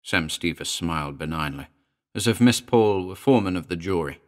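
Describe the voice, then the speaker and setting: A man narrating a horror story in a measured, dry manner. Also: sits low, expressive.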